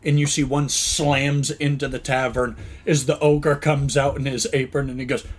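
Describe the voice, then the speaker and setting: A man's voice: medium pitch, level tone, moderate pace. A man narrating a tabletop game as dungeon master, describing scenes and asking players what they do.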